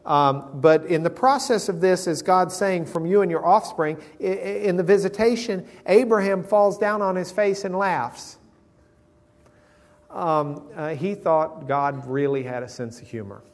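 Casting note: man, a bit high-voiced, teaching a Bible class with jokes and play-acted quotes. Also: unhurried. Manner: humorous, acts out quoted characters; conversational with fillers. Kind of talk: casual Bible lesson.

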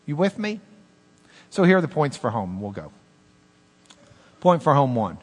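A man preaching a sermon as pastor, animated, with swings between loud emphasis and hushed asides. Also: medium pitch, measured pace, husky, long reverb tail.

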